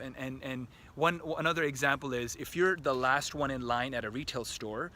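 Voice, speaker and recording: A man vlogging outdoors at a park tennis court, telling a story to his camera in an excitable, rambling, profane way full of restarts. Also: medium pitch, moderate pace, hardly any pauses, a little hiss or hum.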